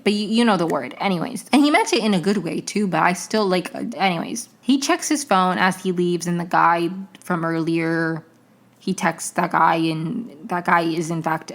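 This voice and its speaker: Hosting a podcast, a young woman with a lowish voice and vocal fry recaps a TV episode, chatting and rambling through tangents and self-corrections.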